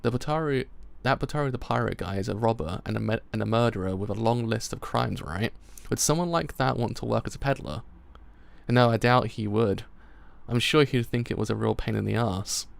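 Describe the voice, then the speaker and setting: A man's voice: medium pitch, a little fast, creaky. A man with a British accent reading manga dialogue aloud as a live reaction, stumbling over words and breaking into swearing and laughter.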